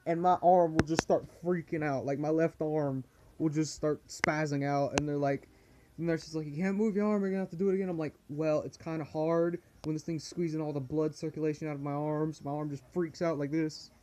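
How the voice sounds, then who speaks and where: A man's voice: on the high side, little pitch movement, normal speed, a little mellow, a little hiss or hum. A teenage boy with a cold and a cough, chatting and complaining in a rambling casual vlog, a pet cockatiel somewhere behind him. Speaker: vlogger.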